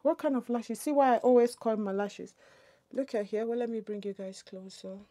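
Mellow-voiced woman chatting through makeup. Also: on the high side, moderate pace. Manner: chatty, muttering to herself while doing makeup. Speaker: beauty vlogger. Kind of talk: get-ready-with-me makeup chat.

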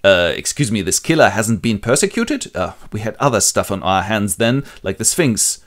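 A man's voice: on the low side, sing-song, moderate pace. A man voicing a brash young king who blusters and swears. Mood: bossy.

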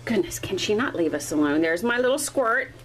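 A woman breeder talking casually while filming her puppies one-handed indoors, now and then cooing at them in a high baby-talk voice. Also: expressive, fairly quick, low-quality recording. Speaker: dog breeder. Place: indoors at a puppy litter area. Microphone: handheld camera, filming one-handed.

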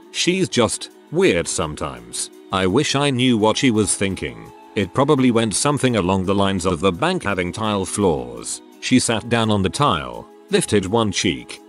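Lively low-voiced male story narrator. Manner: reads text out literally, abbreviations spelled letter by letter. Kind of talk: scripted narration of online stories.

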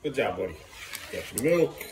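A father with a fairly low, slightly mellow voice swings widely in pitch as he talks at a moderate pace, with a bit of background noise behind him. He's vlogging his family on a handheld camera, teasing and encouraging his young boys at home in the kitchen.

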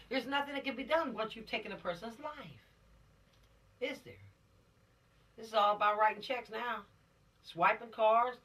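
Animated woman police officer lecturing teens. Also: medium pitch. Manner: dramatic, animated storytelling with rhetorical questions. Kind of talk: law lesson for teenagers. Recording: voice from a distance.

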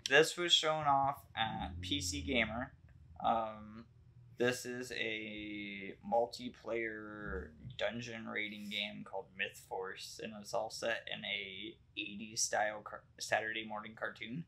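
A man hosting a casual podcast chat, rambling with lots of ums and likes as he gets excited about new releases. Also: fairly low pitch, takes it slowly, creaky. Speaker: podcast host.

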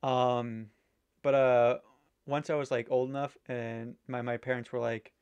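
A man's voice: mid-range voice, flat delivery, a little slow, a little mellow, smooth, lo-fi sound. A man chatting casually while ranking candy, rambling and swearing now and then. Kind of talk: casual chat.

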